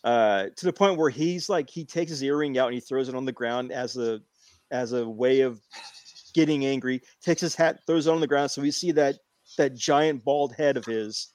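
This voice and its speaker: A man in casual chat, animated and repeating phrases as he tells a long story. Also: mid-range voice, moderate pace, no echo. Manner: animated, repeats himself while telling a story.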